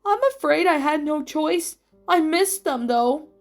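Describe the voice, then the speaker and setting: A woman voicing a grieving young woman who survived a zombie outbreak, speaking softly and tearfully in a read-aloud story. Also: high voice, unhurried, soft background music, voice pushed up. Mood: sad. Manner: tearful, soft-spoken.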